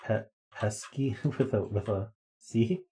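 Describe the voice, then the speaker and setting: A man with a lowish voice talks slowly and unhurriedly into a desk mic. He streams live from home, thinking aloud through word puzzles, trailing off into ums as he tries words. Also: warm tone. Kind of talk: casual live-stream chat while playing word games. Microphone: desk microphone.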